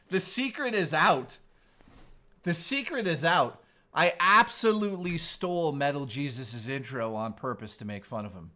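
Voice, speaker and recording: A man's voice: fairly high pitch, animated, normal speed, pushed and bright. A man in his forties, a streamer host chatting casually in a laid-back, surfer-style way. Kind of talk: casual live-stream chat.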